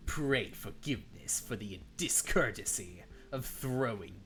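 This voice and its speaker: A haughty, theatrical courtroom villain, as a man puts him on speaks in a hoarse, strained low voice. His wording is grand and courtly. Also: animated, slow, a bit bright. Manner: grandiose, archaic courtly phrasing. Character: pompous antagonistic male prosecutor, haughty and theatrical.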